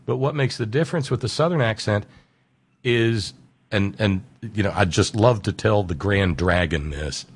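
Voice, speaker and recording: A man with a fairly low voice who explains things at length. He stretches out key words for emphasis, then speeds through asides. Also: normal speed, husky. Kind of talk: casual radio conversation.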